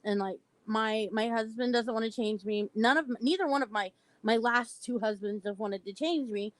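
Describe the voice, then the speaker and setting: A middle-aged woman hosting a livestream over a video call, telling stories in a blunt, animated way and laughing often. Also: on the high side, moderate pace, poor audio. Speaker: livestream host. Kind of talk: casual chat.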